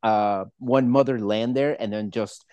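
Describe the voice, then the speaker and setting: A man's voice: lowish voice, steady tone, a little slow, dark tone, clear, resonant tone, dry recording, muffled recording. A man co-hosting a podcast in casual chat, rambling with many restarts and plenty of swearing. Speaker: podcast co-host.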